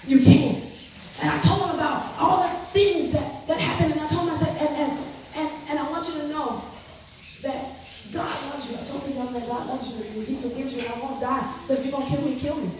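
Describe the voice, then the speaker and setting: High-voiced woman giving a testimony in an echoey room. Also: a little fast. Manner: expressive, repeats words, acts out quotes. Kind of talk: testimony talk to an audience. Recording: echoey room from far off with noise.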